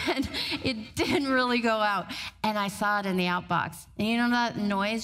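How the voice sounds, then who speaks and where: A middle-aged woman giving a motivational talk on stage, storytelling in an animated way and laughing often. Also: medium pitch, moderate pace, slight background noise. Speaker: motivational speaker.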